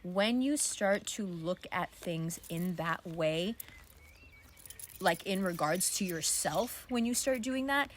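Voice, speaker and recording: A woman's voice: fairly low pitch, lively intonation, slow pace, slight background noise. A woman giving a casual, candid astrology card reading outdoors, talking loosely with plenty of fillers and the odd swear word.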